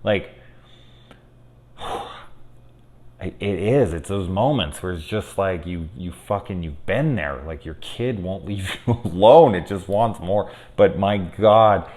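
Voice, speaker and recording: A man with a deep voice, speaking a little slowly, hosts a casual film review full of spoilers. He's excitable and rambling, swears freely and says "like" a lot.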